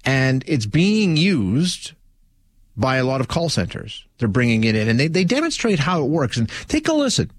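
A man with a mid-range voice and big pitch swings hosts a call-in radio show at normal speed. His casual monologue is conversational, with frequent restarts and fillers, and the audio has no echo.

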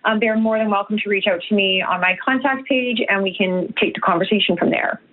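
A woman, a nutritionist guest, answering earnestly with halting restarts and many fillers. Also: medium pitch. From Canada. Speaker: guest, nutritionist and health coach. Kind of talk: heartfelt interview answers. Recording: tinny phone-like remote line.

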